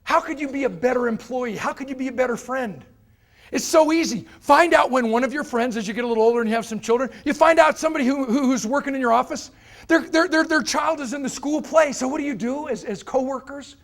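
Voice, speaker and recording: A man giving a motivational lecture to a live audience, telling an anecdote and acting out the people in it with lively changes of voice. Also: very high-pitched, fast talker. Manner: animated, acts out characters' voices. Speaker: motivational speaker. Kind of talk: storytelling keynote lecture.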